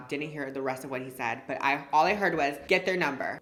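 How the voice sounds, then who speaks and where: A woman in her twenties telling a casual storytime, chatty and animated, full of slang and "like.". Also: deep voice, quick pace. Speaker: beauty vlogger.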